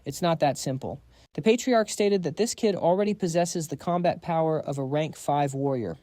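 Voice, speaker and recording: A man's voice: on the high side, normal speed, mellow, no room sound, natural voice. A man doing a sly old head elder. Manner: smooth, sarcastic.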